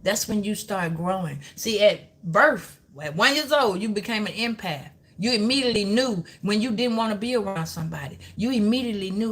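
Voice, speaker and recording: Woman, tarot reader, bright voice, cussing, rambling, preachy. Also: fairly high pitch, lively intonation, fast, hardly any pauses. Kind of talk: live-stream tarot reading.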